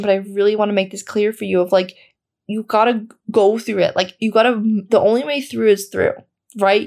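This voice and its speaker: Gravelly, casual woman podcast host. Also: mid-range voice, darkish tone. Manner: casual and candid, swears freely, heavy use of "like". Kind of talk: self-help podcast monologue.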